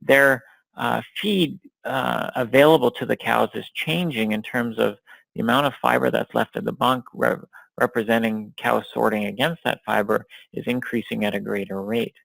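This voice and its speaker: A man giving a recorded academic lecture over slides, talking in a measured way with many fillers and restarts. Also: mid-range voice, fairly even intonation, gravelly, fairly bright tone, no room sound, rough recording. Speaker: dairy science researcher and lecturer.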